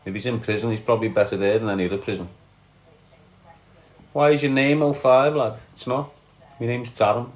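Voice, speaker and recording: A man's voice: mid-range voice, fairly even intonation, fairly quick, long pauses. A Scouse man from Liverpool, middle-aged, reading his chat live and answering viewers bluntly, calling everyone lad and mate.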